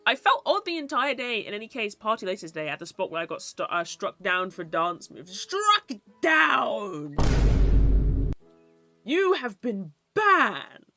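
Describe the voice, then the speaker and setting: A woman's voice: mid-range voice, a little fast, few pauses, pushed and bright, soft background music. A woman livestreaming and chatting casually with her viewers, playful and teasing, cursing freely and slipping into mock-archaic theatrical bits.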